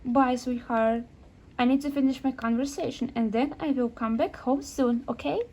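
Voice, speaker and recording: Polite young mom, a woman voicing her, high voice, slow and a bit hesitant, toy sketch. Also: fairly even intonation, dark tone, slight background noise. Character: young single mother, polite and modest. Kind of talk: amateur toy sketch voice acting.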